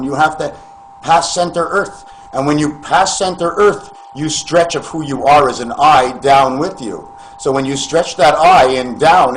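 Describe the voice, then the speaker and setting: A man's voice: a little high, slight background noise, low-quality recording. A man delivering a rambling spiritual monologue to camera, preachy and full of rhetorical questions, calling his listeners friends. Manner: wandering, addresses listeners as friends. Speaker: vlogger.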